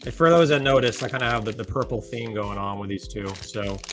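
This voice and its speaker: A man's voice: mid-range voice, a little fast, background noise. A man hosting a podcast, chatting casually with guests and reading sponsor notes with joking asides. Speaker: podcast host.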